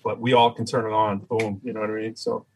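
A man from Massachusetts with a Boston accent, a rapper and teacher chatting in an interview and telling animated stories. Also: fairly low pitch, fast, slight background noise, poor audio. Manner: animated storyteller, does voices, laughs often. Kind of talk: casual interview chat.

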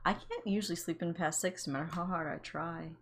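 A woman co-hosting a podcast in casual chat, jumping in with quick remarks and questions. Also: on the low side, fairly even intonation, a bit bright. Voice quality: quick, chatty interjections. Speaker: podcast co-host.

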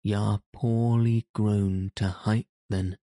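A bold young outlaw who teases his companion in archaic speech, as a male reader puts him on. The voice is low and mellow and moves very slowly, with little rise and fall. It sits close and dry in the recording. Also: level tone, no room sound. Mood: teasing. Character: bold cheerful teenage boy outlaw, teasing. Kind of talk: audiobook character reading.

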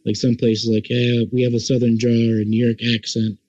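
A man's voice: mid-range voice, monotone, a little fast, darkish tone, no echo, muffled recording. A man chatting casually as a podcast guest, easygoing and enthusiastic, saying "like" a lot. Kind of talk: casual chat.

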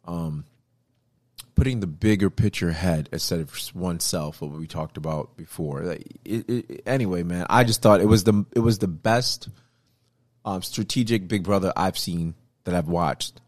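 A man in casual chat, telling a story with lively acted-out quotes and lots of repeated words. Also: deep voice, normal speed, no echo. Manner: animated storytelling, acts out quotes; repeats words, frequent fillers.

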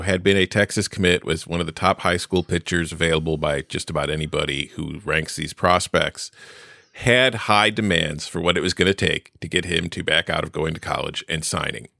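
Casting note: lower-pitched male podcast host, rambling and jokey, dry close mic. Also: gravelly, a bit bright, no room sound. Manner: rambling, joking asides. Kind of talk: casual sports chat.

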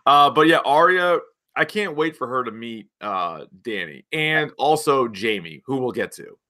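An animated young man talking through a show recap in easy, casual conversation. His voice is bright and forward, and he slips into quick voices for the characters' lines. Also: medium pitch. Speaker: podcast co-host. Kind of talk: casual chat.

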